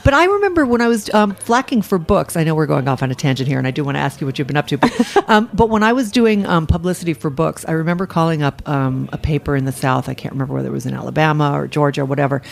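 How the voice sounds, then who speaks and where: A woman's voice: sits low, animated, fast talker, creaky, hardly any pauses. A middle-aged woman hosting a live radio talk show from a studio in the back of a restaurant, chatty and laughing easily, with frequent ums. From New York.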